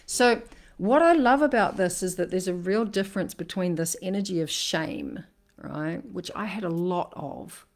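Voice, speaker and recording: A woman relationship coach talking in a casual live-streamed monologue, emphatic and animated, often asking "right?". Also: lowish voice.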